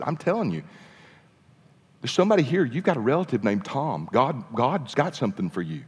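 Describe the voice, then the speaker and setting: Man, pastor, sermon storytelling, low voice, long hall reverb. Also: slightly rough. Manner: animated storytelling with dramatic pauses.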